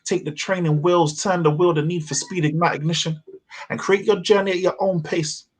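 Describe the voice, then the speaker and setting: Husky man performing spoken word. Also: sits high, fairly even intonation. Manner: measured rhythmic delivery with wordplay. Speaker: open mic poet. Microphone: video call.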